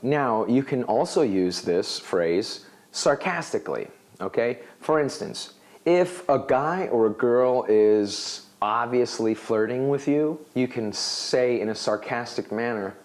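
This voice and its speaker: Guy teaching english phrases on video, super animated, voice bounces all over, middle pitch. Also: takes it slowly. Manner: animated, acts out example dialogues. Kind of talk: video lesson explaining a phrase.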